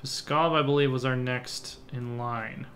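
A man's voice: mid-range voice, fairly even intonation, unhurried, fairly bright tone, a little hiss or hum. Man thinking aloud over a strategy game. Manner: thinks aloud while clicking through menus, muttering half-finished plans. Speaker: let's play host. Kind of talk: casual gameplay commentary.

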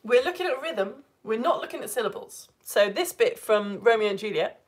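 A woman teacher from the United Kingdom gives a live online lesson. Her voice sits a little high, and she chats and laughs easily. She slows right down whenever she reads lines of verse aloud. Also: expressive. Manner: chatty, laughs often, reads verse slowly.

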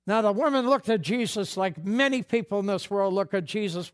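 A man's voice: high voice, brisk, few pauses. A man preaching a sermon as pastor, folksy and conversational, acting out bits of dialogue. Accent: New England.

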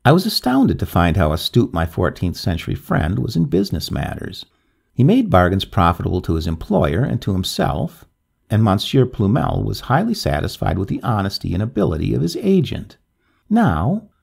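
A man reading a classic story aloud with measured, expressive narration. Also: fairly low pitch, vocal fry, breathy edge.

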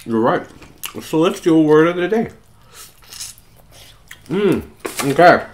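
Very low-voiced woman chatting while eating. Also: expressive, slow pace, darkish tone, a little hiss or hum. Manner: chatty and coaxing, with many eating murmurs. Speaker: mukbang vlogger eating with her child. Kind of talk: casual eating vlog chat.

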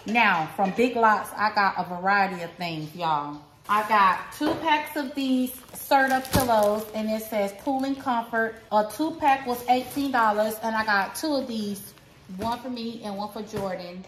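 A woman's voice: a little high, measured pace, fairly bright tone, slight background noise. A woman vlogger showing off a shopping haul in a casual, chatty way, talking straight to her viewers at home. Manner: chatty, talks straight to viewers with lots of "y'all". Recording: roomy echo.

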